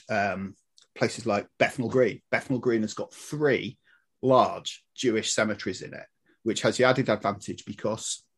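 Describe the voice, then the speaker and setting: A man explaining history in casual podcast chat, animated and swearing, laughing at his own points. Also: fairly low pitch, slightly rough. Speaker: guest historian.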